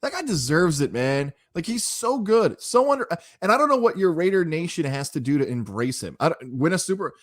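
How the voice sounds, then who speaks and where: A man's voice: fairly high pitch, big pitch swings, brisk, hardly any pauses, no room sound. A man co-hosting a sports podcast, talking through team predictions with opinions and the odd mock quote. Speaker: podcast co-host. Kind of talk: casual sports chat and analysis.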